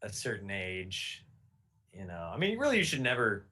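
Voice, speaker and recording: A man's voice: fairly low pitch, wildly swooping pitch, normal speed, bright, forceful tone, husky. A man chatting casually as a podcast guest, rambling with restarts and fillers. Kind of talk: casual chat. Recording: video call audio.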